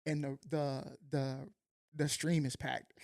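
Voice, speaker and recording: A man co-hosting a podcast who talks in a relaxed, slangy way in casual chat. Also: a little high, slow, dry recording, studio quality. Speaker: podcast co-host.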